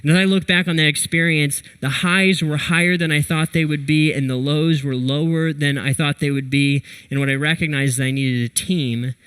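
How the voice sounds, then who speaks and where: A young man delivering a church sermon with a fairly high-pitched voice. He tells stories in an animated way, jumping up in pitch when he acts out what people said. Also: normal speed, hardly any pauses, clear, resonant tone, low-quality recording. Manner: storytelling with lively animated retellings. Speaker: pastor.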